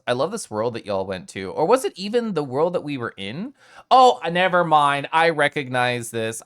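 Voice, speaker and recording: Lively, chatty male streamer. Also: mid-range voice. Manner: animated, chatty, swears casually. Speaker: live streamer. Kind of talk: casual chat with live viewers.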